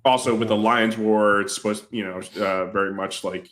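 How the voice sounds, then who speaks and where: Laid-back panelist, man, lower voice, excitable and rambling. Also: moderate pace, slight background noise. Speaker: podcast panelist. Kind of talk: casual film discussion.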